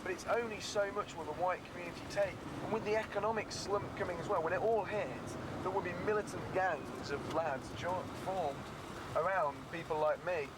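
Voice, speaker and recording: A man's voice: sits high, fairly quick, very noisy. A young man talking candidly to a documentary crew, boastful and laughing. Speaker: documentary subject. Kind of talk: candid talk to the camera.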